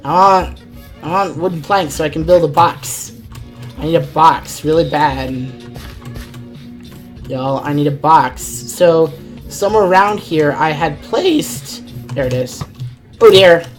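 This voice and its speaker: Low-voiced woman streamer thinking aloud. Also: unhurried, pauses often, faint music behind. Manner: rambling, thinking aloud, exasperated at the game. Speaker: gaming streamer. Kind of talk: live let's-play commentary.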